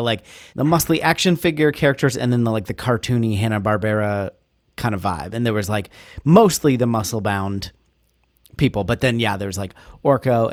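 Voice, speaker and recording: A man co-hosting a casual podcast chat, relaxed and easygoing, chuckling now and then. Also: fairly low pitch, dry recording, clean studio sound. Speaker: podcast co-host.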